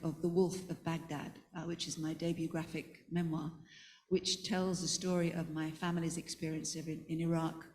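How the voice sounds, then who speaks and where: A woman's voice: fairly low pitch, darkish tone. English woman cartoonist, echoing hall. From England. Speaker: cartoonist panelist. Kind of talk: panel discussion introduction. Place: event hall. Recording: long hall reverb, faint noise.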